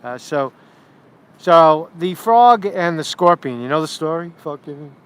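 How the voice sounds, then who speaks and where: A man hosting a casual livestream vlog outdoors in a city park, who talks in a rambling, profane, animated way into a handheld phone. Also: on the high side, unhurried, smooth. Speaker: street reporter and livestream host.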